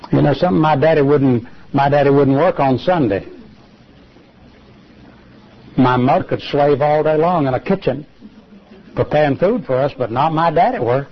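A man preaching a sermon on television, emphatic, with rhetorical questions and sudden jumps in pitch. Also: breathy edge. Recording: lo-fi television broadcast.

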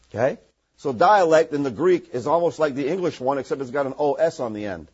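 Preacher, male, from northern Maine: high, husky voice, emphatic, keeps asking "okay?"; dull recording. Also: expressive, a little fast, darkish tone. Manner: emphatic, repeats points, frequent "okay?" check-ins. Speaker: pastor. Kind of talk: sermon.

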